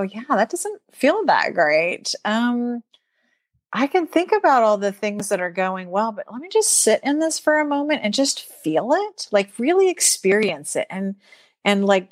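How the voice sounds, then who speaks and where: A woman speaks as an interview guest in a fairly high voice. She chats animatedly and slips into quoted inner thoughts, with a light laugh here and there. The sound is close and dry, with no room around it. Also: no room sound. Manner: animated, acts out her own inner voice in quotes; laughs lightly mid-sentence. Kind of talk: casual interview chat.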